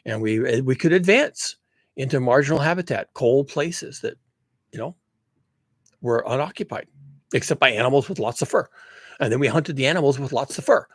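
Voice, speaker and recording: A man's voice: medium pitch, lively intonation, moderate pace, dry recording. A man giving a casual, emphatic monologue, rambling with restarts as he builds his points. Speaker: commentator on climate and human nature.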